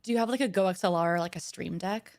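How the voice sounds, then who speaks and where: A woman's voice: fairly low pitch, fast talker, a little mellow, dry recording, clean studio sound. A young woman guest in a casual chat, self-deprecating and laughing a lot. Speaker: guest streamer.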